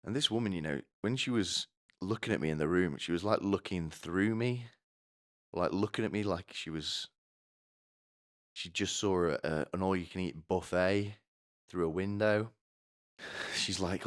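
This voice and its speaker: A man with a very deep, low voice tells a rambling comic story. His delivery is deadpan and crude, full of asides. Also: moderate pace. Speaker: comedy vlogger.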